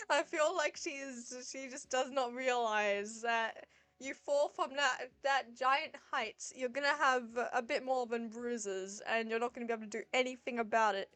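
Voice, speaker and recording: Woman streamer, high voice, lively exasperated commentary over faint music. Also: measured pace. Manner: animated, laughing, exasperated asides. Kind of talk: reading a dating game aloud with commentary.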